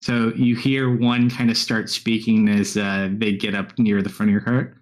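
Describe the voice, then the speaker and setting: A man running a tabletop game as dungeon master, narrating in a relaxed, conversational way. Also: lowish voice, moderate pace. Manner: relaxed, conversational, filler-heavy.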